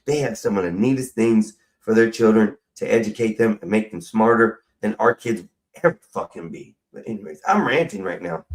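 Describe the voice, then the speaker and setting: A man's voice: on the low side, animated, moderate pace, far from the mic, faint music behind. A middle-aged man, rambling profanely and casually to his livestream audience. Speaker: livestream host.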